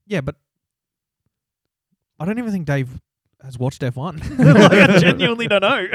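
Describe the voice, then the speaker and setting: A man's voice: sits high, very animated, normal speed, fairly bright tone, breathy edge, no echo, studio quality. A man, co-hosting a podcast in casual chat and laughing often as he banters. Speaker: podcast co-host.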